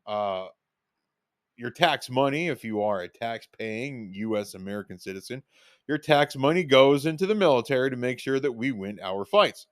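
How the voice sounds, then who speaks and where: A man's voice: medium pitch, lively intonation, moderate pace, dry recording, clean studio sound. A man telling personal stories in a casual, rambling monologue, with lots of fillers and restarts, acting out what he said back then. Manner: rambling, filler-heavy, reenacts his own lines. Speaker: podcast host telling stories.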